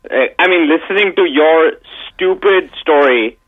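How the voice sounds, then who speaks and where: A man's voice: on the high side, normal speed, narrow, tinny audio. Ranting male caller hurling insults. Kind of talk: call-in rant on a radio show.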